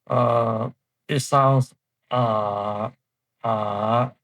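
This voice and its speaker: Slow, deliberate male language teacher. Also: medium pitch, creaky, rough recording. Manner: slow, deliberate explanation with pauses. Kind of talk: online pronunciation lesson.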